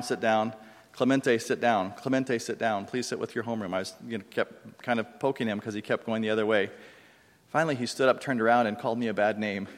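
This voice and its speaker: A middle-aged man preaching as a deacon, telling stories earnestly and slowing down for emphasis. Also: medium pitch. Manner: earnest storytelling, slows down for emphasis. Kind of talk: sermon. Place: church. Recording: long reverb of a church hall.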